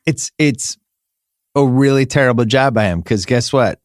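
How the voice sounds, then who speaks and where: Middle-aged male host, mid-pitch, bantering about parenting with wry exasperation. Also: moderate pace, no room sound, clean studio sound. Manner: joking, exasperated parent stories. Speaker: podcast host. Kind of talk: casual chat.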